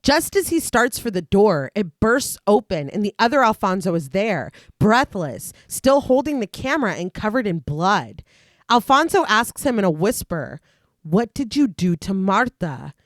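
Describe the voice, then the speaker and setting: Woman podcast co-host, animated recap delivery, dry close mic. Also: mid-range voice, moderate pace, no echo. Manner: recaps plot in long lively read-through, laughs often. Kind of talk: casual chat and plot narration.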